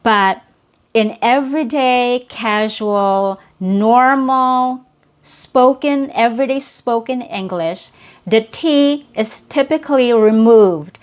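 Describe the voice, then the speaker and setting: A woman teaching an English pronunciation lesson, saying each example word slowly and repeating it. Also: on the high side.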